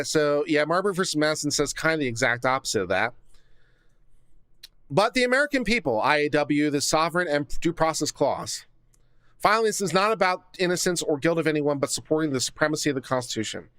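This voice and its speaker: A man's voice: a little high, lively intonation, moderate pace, fairly bright tone, dry recording. A man giving casual legal commentary, reading court filings aloud and mocking them with sarcastic asides, on a studio condenser mic. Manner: sarcastic, reads documents aloud then mocks them.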